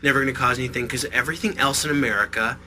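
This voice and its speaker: A man's voice: medium pitch, steady tone, rapid-fire, sharp tone, slight background noise. A man hosting a podcast interview, enthusiastic and casually profane as he praises his guests. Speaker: podcast host. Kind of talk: interview chat.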